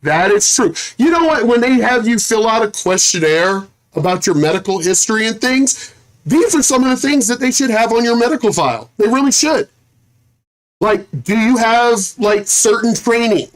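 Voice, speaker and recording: High-voiced, profane man telling a story. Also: normal speed. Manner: animated, profane, repeats himself. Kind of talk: casual livestream storytelling.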